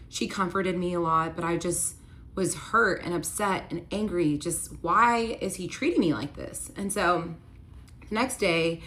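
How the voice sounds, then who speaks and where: Young adult woman, casual storyteller, lowish pitch, chatty and filler-heavy. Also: a little hiss or hum. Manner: chatty, many "like" fillers, upset retelling.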